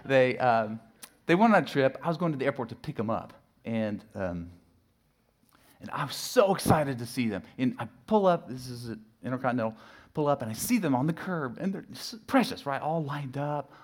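A middle-aged pastor preaching a sermon, telling a personal story with lively swings from loud acted shouts to hushed asides. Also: male voice, mid-range voice, brisk. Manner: animated storytelling, acts out his own shouting and sudden hushed asides.

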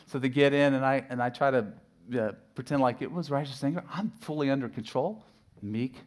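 Man, middle-aged, pastor, sermon, animated storytelling, loud and hushed turns. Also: mid-range voice, quick pace. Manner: animated storytelling, acts out his own shouting and sudden hushed asides.

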